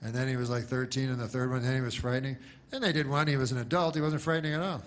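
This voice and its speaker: A man doing stand-up comedy, deadpan and rambling, with many asides and restarts. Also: mid-range voice, racing.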